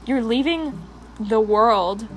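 A woman's voice: on the high side, takes it slowly, slight background noise, low-quality recording. A young woman hosting a personal podcast, talking with passion and rambling with many fillers while doing her makeup. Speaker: podcast host.

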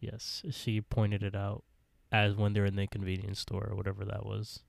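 A man's voice: on the low side, completely flat delivery, moderate pace, vocal fry, no room sound. A man co-hosting a podcast, casually retelling scenes with frequent laughs and quoted dialogue. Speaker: podcast co-host. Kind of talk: casual recap chat.

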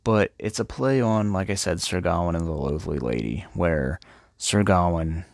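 A man's voice: deep voice, lively intonation, moderate pace, creaky, no room sound, clean studio sound. A man retelling classic literature as crude comedy, profane and slangy. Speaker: host.

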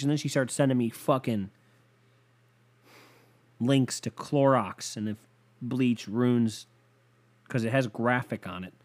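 A man in a mid-pitched voice vents to his co-host in a loose, profane rant. He sighs heavily and lurches between sudden loud outbursts and tired, half-muttered asides, the exasperation never far from the surface. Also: unhurried, pauses often. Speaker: podcast host. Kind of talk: casual ranting monologue.

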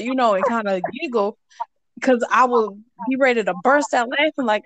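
A woman's voice: on the high side, normal speed, a bit bright, no room sound. Laughing woman telling work stories. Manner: laughing storyteller, Southern US slang. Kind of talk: casual chat.

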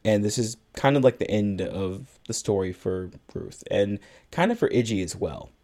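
A man's voice: fairly low pitch, moderate pace, warm tone. A man co-hosting a podcast, retelling a film's plot at length and acting out bits of its dialogue in casual chat. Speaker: podcast co-host. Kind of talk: casual movie recap chat.

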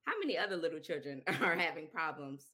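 A young adult woman, a children's book author, telling her story in an interview, lively and laughing often. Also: low voice, fast, breathy edge. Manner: animated, laughs often, acts out quotes.

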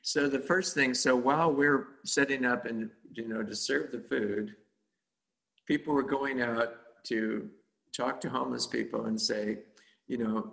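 A man telling a casual story about volunteer cooking, halting and full of fillers and self-corrections. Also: medium pitch, vocal fry, fairly bright tone, rough recording. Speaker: volunteer cook.

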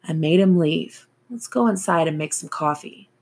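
Woman voicing a gentle male ex-cop. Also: low-pitched, moderate pace, creaky, husky, heavily acted. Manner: soft, steady, coaxing.

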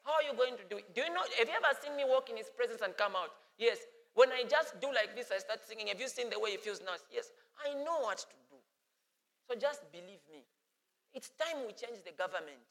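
A man's voice: very high voice, lively intonation, brisk, fairly bright tone, long reverb tail, heavily acted. A man voicing a scheming fallen angel, coaxing and boastful. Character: scheming male fallen angel rallying rebels.

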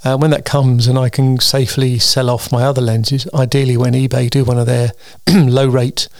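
Gravelly, tired man rambling. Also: mid-range voice, flat delivery, normal speed, dry recording, studio quality. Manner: chatty, meandering, with frequent ums and restarts. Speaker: host of a weekly solo show. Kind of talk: casual rambling monologue.

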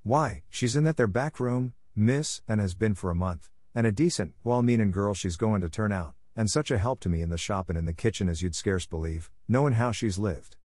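A man's voice: on the low side, normal speed, hardly any pauses, darkish tone, no room sound, natural voice. Man reading a kindly chatty bun-shop woman, homely talk, dry close sound. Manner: homely, chatty, ungrammatical dialect. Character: good-natured working-class baker woman, middle-aged.

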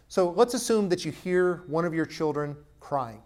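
A man preaching a sermon as pastor, swinging between loud punchy stresses and low, quiet asides. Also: animated, moderate pace, few pauses.

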